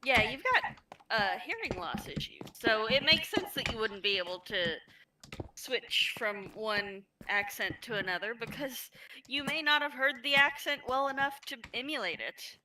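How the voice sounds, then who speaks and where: A woman's voice: on the high side, lively intonation, moderate pace. A woman in casual gaming chat, blunt and teasing with her friends. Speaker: fellow player. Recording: distant mic with background noise.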